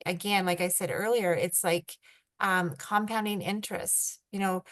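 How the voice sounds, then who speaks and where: Canadian lady on a video call, kinda low voice, lots of ums and likes. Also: little pitch movement, normal speed. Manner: rambling, filler-heavy, self-described introverted. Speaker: guest brand ambassador. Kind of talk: casual team call chat.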